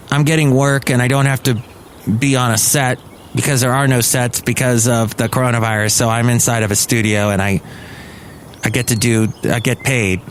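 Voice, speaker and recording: A man's voice: medium pitch, a little hiss or hum, lightly acted. A man voicing a brusque, weary British actor in his own everyday voice, grumbling and dismissive.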